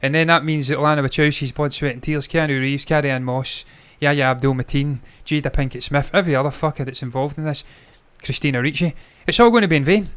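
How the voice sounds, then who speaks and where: A man's voice: on the high side, quick pace, hardly any pauses, fairly bright tone, smooth. A man co-hosting a movie news podcast, talking casually and bluntly, swearing often. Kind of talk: casual chat.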